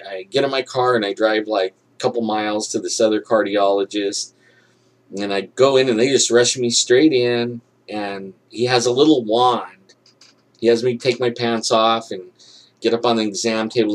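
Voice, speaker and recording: Man telling a story with animated quoted dialogue. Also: medium pitch. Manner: chuckles while telling; frequent fillers like "you know" and "like". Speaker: storyteller recounting a personal experience. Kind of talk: casual spoken storytelling.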